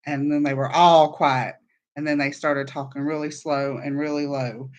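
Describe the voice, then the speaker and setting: A woman's voice: low-pitched, little pitch movement, normal speed. A woman hosting a casual livestream chat, telling meandering, chatty stories. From Southern United States. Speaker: podcast host.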